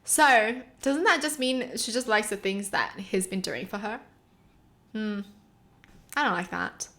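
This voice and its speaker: A woman hosting her channel, casually reacting to online stories she reads out, expressive and emotional, often exclaiming and laughing. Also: mid-range voice, measured pace. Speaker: channel host reading and reacting to online posts.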